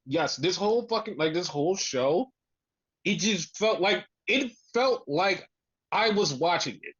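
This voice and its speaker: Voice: mid-range voice, expressive, measured pace, fairly bright tone, breathy edge. Exasperated, swearing podcast co-host. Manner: exasperated, profane ranting. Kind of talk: casual wrestling recap chat. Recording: dull lo-fi sound.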